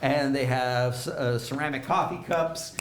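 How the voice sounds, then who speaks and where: A man narrating a tabletop game as game master, animated and laughing often. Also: mid-range voice, a little slow, a little hiss or hum. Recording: echoey room.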